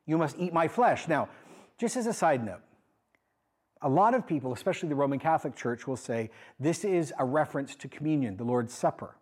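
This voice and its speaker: A man preaching a sermon as pastor, conversational and animated, with emphatic asides. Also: mid-range voice, a little fast, slightly rough.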